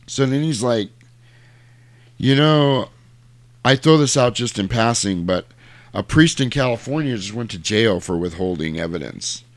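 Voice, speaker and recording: A man's voice: medium pitch, expressive, a little slow, dry recording. A man on a podcast casually recapping a movie, acting out the characters' lines as he goes. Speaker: podcast co-host recapping a film. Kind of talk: casual chat.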